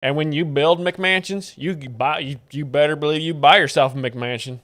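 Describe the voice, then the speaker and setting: A man's voice: fairly high pitch, moderate pace, fairly bright tone, lightly acted. A man putting on a boastful rich Texan ranch owner with a swaggering Texan drawl. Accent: Texan, put on.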